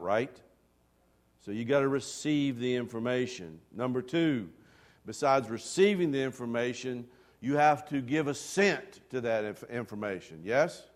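A man preaching a storytelling sermon, self-deprecating and animated, dropping to hushed asides and then rising to loud, excited bursts. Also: mid-range voice. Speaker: pastor.

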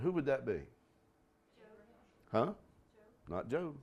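Man, preacher, low voice, sermon, dramatic pitch swings. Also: sing-song, measured pace, long pauses. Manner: storytelling preacher with sweeping pitch rises. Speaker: pastor.

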